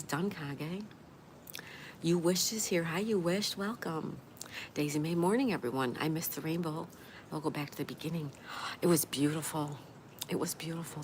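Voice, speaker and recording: A woman with a low, slightly mellow voice hosts a casual live stream. She reads viewer comments out loud, addresses each person by name and responds with enthusiastic, gushing exclamations, and the recording has a noisy background.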